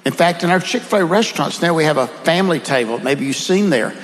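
A man's voice: on the high side, lively intonation, quick pace, big-room sound, poor audio. A man with a Southern accent, telling earnest, folksy stories as a guest in a conversation. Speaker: guest speaker. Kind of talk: conversational storytelling.

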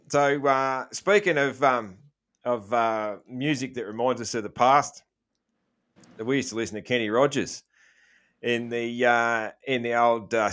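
Relaxed Australian male podcast host, easygoing and rambling, average pitch. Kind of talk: casual podcast chat.

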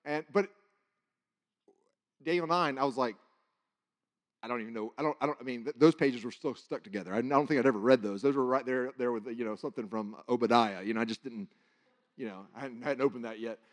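A man preaching, telling a personal testimony in an animated, excited storytelling way. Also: medium pitch, fairly quick, pauses often. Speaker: guest preacher.

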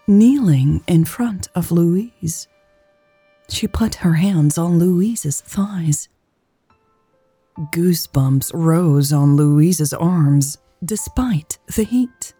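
A woman narrating a romance audiobook in a calm, intimate, unhurried way. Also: deep voice, gravelly, breathy edge, dry recording, faint music behind.

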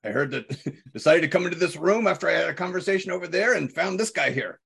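A man player in a tabletop game who talks in a giggly, animated way. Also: on the high side, fast, gravelly, slightly rough. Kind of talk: casual tabletop play.

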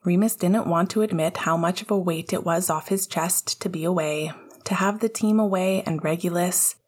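A woman narrating a fan fiction story aloud in a calm, even storytelling manner. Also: lowish voice, normal speed, breathy edge. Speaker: audiobook narrator.

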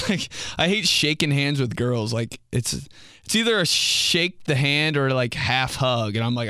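A young male comedian rambles through a podcast monologue, cursing freely and mocking himself. He jumps into quick voices as he acts out his own lines. His voice sits at a middle pitch and sounds dry and close to the mic. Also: pushed and bright, clean tone, dry recording. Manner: rambling, profane, self-mocking, acts out quotes.

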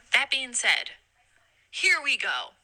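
A woman's voice: on the high side, huge pitch swings, slow pace, bright, forceful tone, low-quality recording. A woman leaving a long, profane voice message, exasperated and laughing through her rant, recorded on a phone. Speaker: podcast guest. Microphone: phone voice memo.

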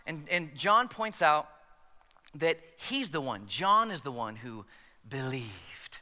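A man's voice: high-pitched, lively intonation, measured pace, sharp tone, big-room sound. A man preaching a sermon in a conversational way, with joking asides to the congregation. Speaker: pastor.

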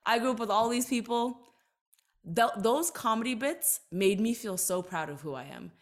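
A woman in her thirties speaking earnestly and reflectively as a podcast interview guest. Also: on the high side. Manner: earnest, reflective, quick to emphasize. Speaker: guest, entertainer and author.

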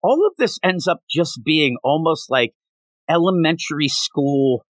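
A man hosting a podcast, recapping a comic in casual, rambling, animated chat with lots of filler words. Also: on the high side, measured pace, no echo. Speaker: podcast host.

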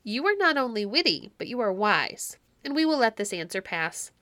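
A proud medieval king barks orders and mocks his subject in a bright, forceful voice, as a woman reader puts him on. The sound is close and dry, with no room around it. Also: fairly high pitch, very animated, moderate pace, dry recording. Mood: amused. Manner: commanding, mocking. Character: domineering medieval king, male, scornful. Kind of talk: audiobook reading.

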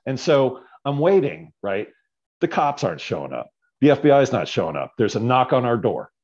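A man casually telling a story as a podcast guest, animated and often tagging his lines with "right?". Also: medium pitch, fairly quick, husky, highs cut off.

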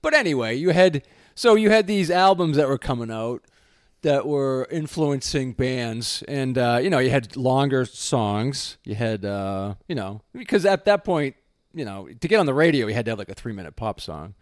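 A man's voice: mid-range voice, expressive, normal speed, dry recording, clean studio sound. Rambling man chatting about music. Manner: rambling, hesitant, many fillers and restarts, laughs often. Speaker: podcast co-host. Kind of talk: casual chat about music.

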